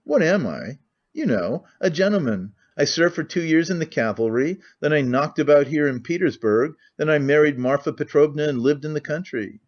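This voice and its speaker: A man's voice: on the high side, expressive, normal speed. A man voicing a cynical, talkative middle-aged nobleman who rambles with languid candor, on a muffled lo-fi recording.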